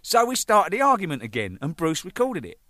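A man's voice: a little high, huge pitch swings, brisk, dry recording, clean studio sound. A man telling a rambling, swearing anecdote about his band. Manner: rambling, swearing, laughing, acting out shouted quotes. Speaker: band drummer telling stories. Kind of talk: casual storytelling monologue.

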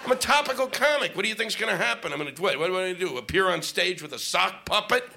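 A man's voice: sits high, lively intonation, fast talker, vocal fry, noisy background. A middle-aged man doing a stand-up comedy set on stage, ranting and exasperated, swearing often. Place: stage before an audience.

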